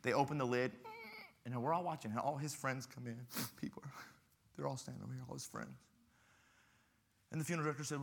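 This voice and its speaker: A man's voice: mid-range voice, fast, gravelly, long pauses. A man, a pastor preaching at a youth rally with playful, dramatic storytelling.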